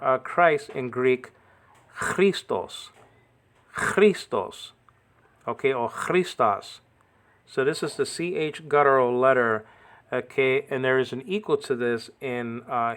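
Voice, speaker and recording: A man's voice: medium pitch, fairly bright tone, smooth. A man giving an informal language lesson, repeating words to correct pronunciation and often checking understanding with "okay". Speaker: teacher.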